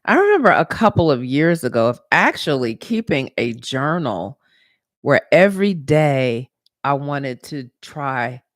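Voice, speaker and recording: A woman hosting her podcast, telling a personal story in a casual, motivational monologue and jumping into a high voice when she retells her own thoughts. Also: very animated, a little slow, dry recording, studio quality. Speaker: podcast host.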